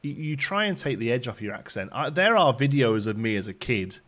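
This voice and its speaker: A man in his thirties with a softened Midlands accent, hosting a game livestream in rambling, chatty talk and laughing often. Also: medium pitch, big pitch swings, brisk. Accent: softened Midlands English. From English Midlands. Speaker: livestream host. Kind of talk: casual chat while streaming a game.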